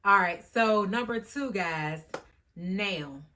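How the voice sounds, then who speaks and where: A woman vlogger talking casually to the camera in a chatty, animated way, often addressing her viewers directly. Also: medium pitch, takes it slowly, slight background noise. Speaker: YouTube vlogger.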